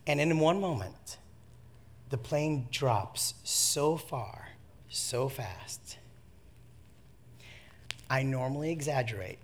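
A man preaching a sermon, telling a comic personal story with lively swings from hushed asides to shouts, laughing at himself. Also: mid-range voice, slow, long pauses, slight background noise.

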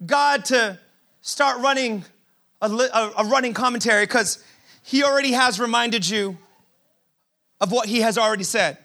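His voice high, crisp, and bright, a man preaches as a pastor. He tells humorous stories animatedly, acting out imagined lines and repeating words as he drives a point home.

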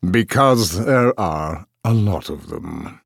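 An actor playing a charming, wry male noble knight in an audiobook drama, talking in a smooth, teasing way. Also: low-pitched, wildly swooping pitch, slow pace, no room sound, studio quality, exaggerated voice. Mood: wary.

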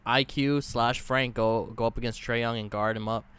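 A man co-hosting a sports podcast in casual, halting chat, with many fillers and restarts. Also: medium pitch, steady tone, fairly bright tone, clear, resonant tone. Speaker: podcast co-host.

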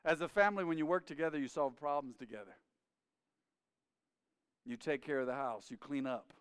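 Smooth-voiced man preaching in a reverberant hall. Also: on the high side, a little fast. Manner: repetitive, emphatic preaching. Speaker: pastor. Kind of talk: sermon.

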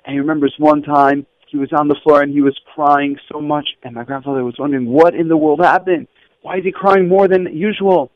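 A man teaching a room of schoolchildren through stories, his voice sitting a bit high. He talks with animation and acts out the speakers in his tales. The recording is dull and lo-fi, close and dry. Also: fairly quick, no room sound. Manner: animated, acts out quoted voices with raised pitch. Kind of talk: storytelling lesson.

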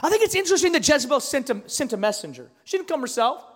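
A middle-aged man preaching a sermon, telling stories that swing between loud shouts and hushed asides. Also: very high voice, sing-song, quick pace, big-room sound. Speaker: pastor.

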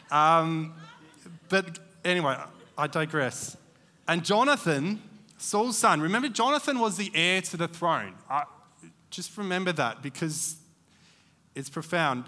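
A man's voice: fairly high pitch, sharp tone, big-room sound. A man preaching a church sermon in a conversational, digressive way, with many fillers.

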